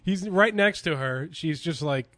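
A man's voice: a little high, a little slow, fairly bright tone, no room sound. A man co-hosting a casual podcast chat, rambling through crude jokes. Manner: rambling, crude joking banter. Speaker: podcast co-host.

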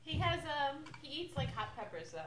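A soft-spoken woman taking part in a hot sauce challenge, laughing between remarks. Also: high voice, very animated, moderate pace, crowd noise. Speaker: challenge contestant.

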